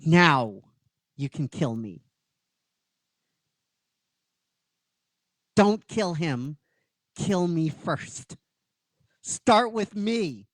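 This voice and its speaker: A man's voice: a little high, very animated, no echo, full character voice. A man doing a battered young heroine, pleading. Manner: slow, pleading and strained. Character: injured young female ranger, defiant.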